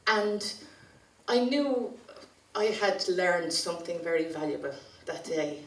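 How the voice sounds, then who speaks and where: A woman's voice: lowish voice, expressive, takes it slowly. A woman with an Irish accent, a community activist giving a chatty, anecdotal storytelling speech at a conference. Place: conference hall. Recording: roomy sound from a distant mic.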